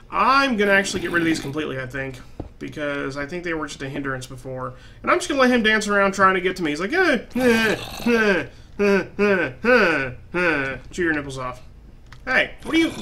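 A man giving gameplay commentary, swearing a lot and flaring into loud frustrated outbursts. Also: on the high side, sing-song, a little fast, pauses often, a little hiss or hum. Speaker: let's play gamer.

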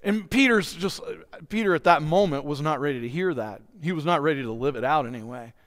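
A man's voice: fairly high pitch, animated, a little fast, fairly bright tone. A man preaching a sermon as pastor, earnestly asking his congregation direct questions. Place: church sanctuary. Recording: long hall reverb in a church.

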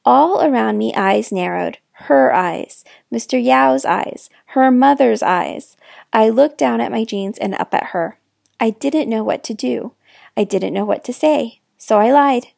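A woman reading a children's novel aloud in expressive first person, with dramatic hushed moments, close to the mic. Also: a little high, measured pace, gravelly, dry recording. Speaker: storyteller. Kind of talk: children's book read-aloud.

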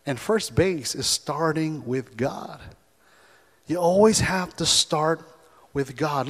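A male pastor preaching a sermon in a church, animated and calling out to the congregation for responses. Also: high voice. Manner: animated, calls for audience response. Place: church sanctuary. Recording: long church hall reverb.

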